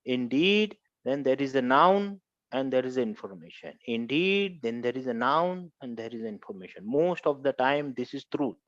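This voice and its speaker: A man's voice: medium pitch, expressive, normal speed, no room sound. Male grammar teacher, patient repeater, quizzes the class; dry, muffled lo-fi recording. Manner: repetitive, quizzing students, explains step by step. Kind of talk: classroom lecture.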